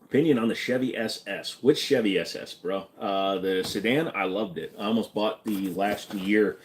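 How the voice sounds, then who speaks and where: A man's voice: fairly low pitch, normal speed, slight background noise. A man hosting a live stream, reading viewers' questions aloud and answering them in a blunt, joking way. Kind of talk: casual live-stream chat.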